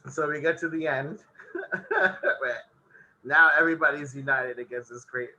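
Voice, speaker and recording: A man's voice: a little high, steady tone, moderate pace, sharp tone, highs cut off. A man co-hosting a casual podcast, recapping a show episode and laughing often as he talks. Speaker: podcast co-host.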